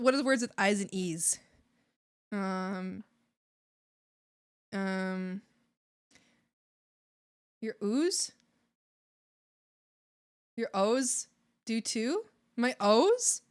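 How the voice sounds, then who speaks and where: Giggly high-voiced Canadian woman streamer. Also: very slow, long pauses. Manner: giggly, animated, breaks into laughter often. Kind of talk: casual chat with viewers while drawing.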